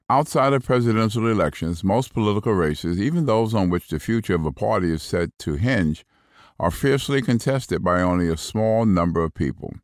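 A man with a very low, deep voice reads magazine articles aloud in a steady, measured way. The recording is close and dry, with no room sound at all. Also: no room sound. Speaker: magazine audio reader. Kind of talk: scripted narration.

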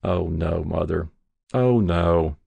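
A man's voice: sits low, takes it slowly, gravelly, dark tone, breathy edge, no room sound, pitched below the performer's own voice, full character voice. A man reading aloud, voicing a patient, worried grown daughter at her mother's bedside. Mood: soothing.

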